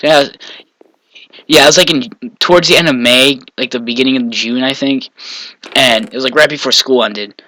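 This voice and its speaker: Bright-voiced young man from Maine, rambling. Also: medium pitch, fairly quick, pauses often, no echo, poor audio. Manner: rambling, self-correcting, chuckling asides. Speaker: vlogger. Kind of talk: casual storytelling.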